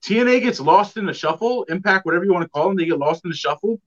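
A man in a casual podcast chat who pauses to search for names and words. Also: high-pitched, expressive. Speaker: podcast guest. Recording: dull lo-fi audio.

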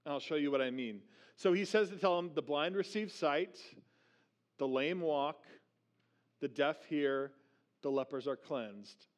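Animated male pastor preaching a sermon. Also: a little high. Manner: slows down for scripture readings, animated when acting out questions.

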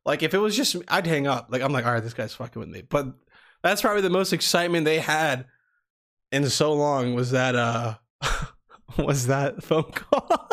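A man's voice: medium pitch, a bit bright. A man giving casual, offhand commentary between prank calls, swearing and laughing easily. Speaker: prank call streamer.

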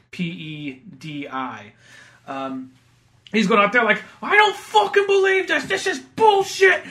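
A man hosting a podcast, talking casually and profanely about a film and bursting into loud impressions. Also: a little high. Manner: profane, animated, shouts impressions of angry characters. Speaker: podcast host.

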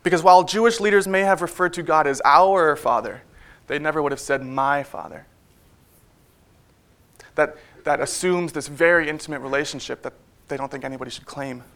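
A man preaching a sermon in a church, in a relaxed, conversational way with frequent fillers and wry asides. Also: a little high, fast talker.

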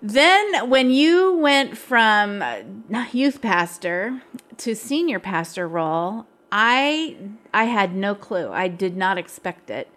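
A woman's voice: medium pitch, sing-song, takes it slowly, fairly bright tone. A middle-aged woman, a pastor's wife and co-host, sharing personal stories in a candid, reflective way. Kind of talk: casual chat.

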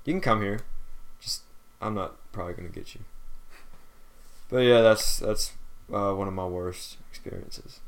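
A man's voice: lowish voice, moderate pace, long pauses. A young man co-hosting a podcast, telling a work story in casual chat and acting out customers in quotes. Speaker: podcast co-host.

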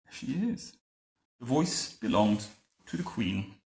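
A man reading a picture book aloud to a child at home, adding wry, deadpan comments between the lines. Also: fairly low pitch, takes it slowly. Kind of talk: bedtime story reading with joking asides. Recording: roomy echo.

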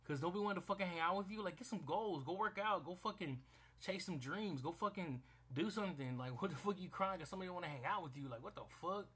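A young man with a somewhat high voice rants in a casual, blunt way. He swears freely and often stumbles into restarts and repeated words. His delivery stays loose and conversational. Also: fast talker, fairly bright tone, breathy edge. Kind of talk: casual rant to camera.

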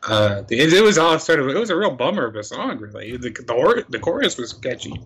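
A man's voice: mid-range voice, sing-song, brisk, fairly bright tone, breathy edge. A man co-hosting a podcast in casual chat, tossing in dry, sarcastic quips. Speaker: podcast co-host.

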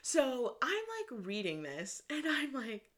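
A woman from Michigan, hosting a podcast, telling a personal story in an excitable, casual way, with lots of "like" and some swearing. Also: a little high, takes it slowly. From Michigan, USA. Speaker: podcast host.

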